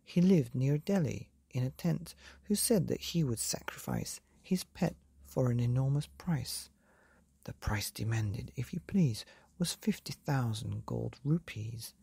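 A woman reading a rhyming story aloud at bedtime, soft and half-whispered. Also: rumbling low, creaky, breathy edge, no room sound. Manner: soft, half-whispered, sing-song rhyme.

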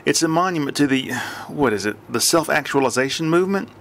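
Guy doing a lazy sly cat man in an audiobook, bit higher voice, teasing and blunt. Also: expressive, fast talker, fairly bright tone, slight background noise.

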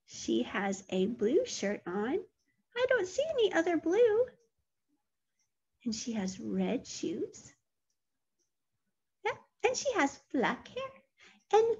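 Woman teacher reading a picture book to little kids, high and unhurried, gentle and questioning; dull lo-fi recording. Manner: gentle, questioning, animated with sound effects. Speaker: early childhood teacher.

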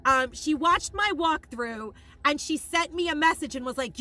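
High bright-voiced lady gushing over her haul, rambly and kinda teary. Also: moderate pace. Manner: emotional, close to tears. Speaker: haul vlogger. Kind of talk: casual shopping haul vlog.

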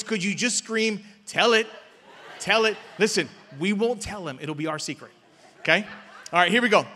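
A male pastor preaching a sermon in a church, urging the crowd to answer back and swinging between loud calls and hushed words. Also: high voice. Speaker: guest pastor. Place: church sanctuary. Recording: long reverb of a church hall.

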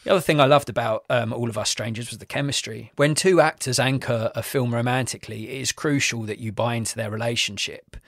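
A man's voice: mid-range voice, fast talker, hardly any pauses, fairly bright tone, no room sound, clean studio sound. A man co-hosting a film podcast, talking earnestly and reflectively about a film, with the odd swear word. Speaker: podcast co-host. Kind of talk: casual film review chat.

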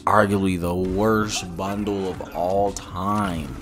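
A man's voice: sits low, fairly even intonation, slow, music in the background. A young man commenting on a game pack opening, rambling and joking, with slang and exasperated outbursts. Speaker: gaming YouTuber.

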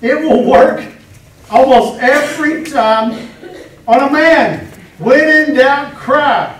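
Animated joking preacher in an echoey hall. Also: male voice, extremely high pitch, slow. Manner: animated, joking storyteller acting out quotes. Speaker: pastor. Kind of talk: sermon. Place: church hall. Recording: echoey room, mic at a distance.

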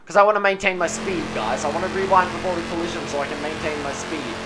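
A young man giving live commentary while streaming a racing game, excitable and whooping at near misses. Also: fairly high pitch, quick pace. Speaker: gaming streamer. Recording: game audio with engine noise.

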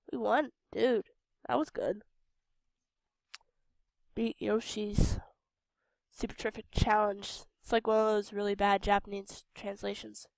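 A woman's voice: medium pitch, vocal fry, no echo, clean studio sound. A tired young woman from Idaho with a Western American accent, rambling through casual gameplay commentary and talking back at the characters on screen. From Idaho, United States. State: tired and a bit sick. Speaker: game video host.

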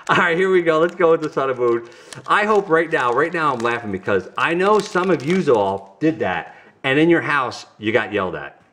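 A man's voice: a little high, sing-song, moderate pace, a bit bright. A middle-aged man from New York with a New York accent, hosting a family vlog and chatting goofily to viewers while opening trading cards. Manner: goofy, chatty, talks straight to viewers. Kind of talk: casual card-opening vlog.

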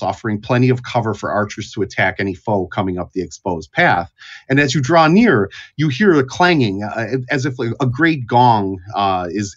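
Brief: male game master, expressive narration, muffled sound. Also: lowish voice. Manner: descriptive, with fillers. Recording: dull lo-fi audio.

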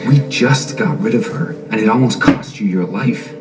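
A man's voice: fairly low pitch, moderate pace, lightly acted. An actor playing a young man who urgently reassures a worried friend. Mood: reassuring. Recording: distant, echoey TV sound with music.

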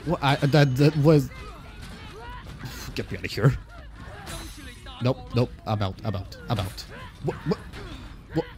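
A young man in the middle of a gameplay stream talks casually into his desk mic at a middling pitch. He reacts to the match as it happens and swears freely. Soft music plays faintly behind him. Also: lively intonation, measured pace, pauses often. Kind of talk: gameplay commentary.

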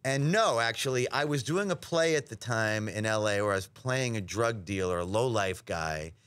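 A man from New York, a voice actor guest telling animated stories in a casual interview, slipping into impressions. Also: fairly low pitch, normal speed, smooth. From New York, USA. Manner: animated storyteller, slips into impressions.

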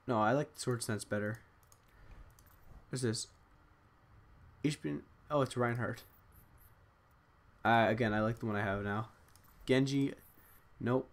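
A young man casually commentating as he opens game loot boxes at his computer, excitable, talking to himself, groaning and cheering. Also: medium pitch, normal speed, pauses often, a little hiss or hum. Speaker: gaming channel host. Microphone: desk USB microphone.

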